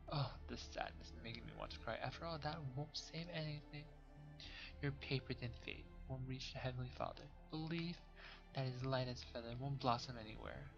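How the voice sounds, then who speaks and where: Brief: man doing a scornful witch-saint, measured and commanding, dull lo-fi sound with faint music. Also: mid-range voice, vocal fry, lightly acted. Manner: mocking, commanding, slow and deliberate. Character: cold vengeful woman saint turned witch. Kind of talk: reading game dialogue aloud on a stream.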